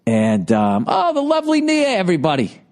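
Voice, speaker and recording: A man's voice: high voice, huge pitch swings, a little fast, darkish tone, no room sound, clean studio sound. A man with a Boston accent hosting a podcast, riffing sardonically and profanely on listener letters. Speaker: podcast host. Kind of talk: casual comedic monologue.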